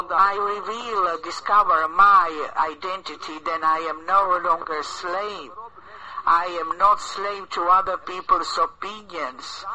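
A male preacher with a high, very bright and sharp voice gives an earnest sermon. He speaks slowly and deliberately. His exhortations come with small hesitations between phrases. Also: low-quality recording.

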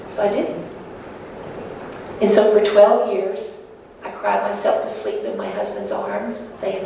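A woman tells an audience her own story, earnest and emotional. Her mid-range voice has a sing-song lilt and vocal fry, with a measured pace broken by long pauses. It was captured from a distance in an echoey hall, with faint noise.

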